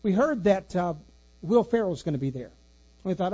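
A man's voice: high voice, lively intonation, moderate pace, warm tone, highs cut off. A man preaching as a pastor, telling a personal story and asking the congregation questions in a folksy way. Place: church sanctuary.

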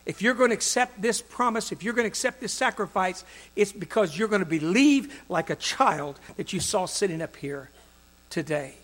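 A man preaching a sermon, acting out the voices in the stories he tells and swinging from loud to soft. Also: sits high, expressive, normal speed. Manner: dramatic, acts out quoted voices with big swings in loudness.

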